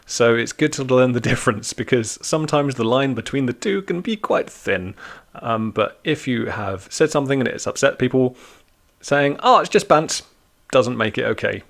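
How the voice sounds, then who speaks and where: A man's voice: mid-range voice, moderate pace, creaky. Man giving a chatty youth sermon. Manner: chatty, joking, teacherly. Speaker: youth church speaker. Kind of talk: informal sermon talk for young people.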